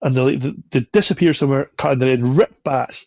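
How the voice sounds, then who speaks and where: A man's voice: medium pitch, fast talker, gravelly, darkish tone, dry recording. A man on a podcast, telling a travel anecdote with swearing and laughter. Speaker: podcast guest. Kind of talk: casual storytelling. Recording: dull, lo-fi sound.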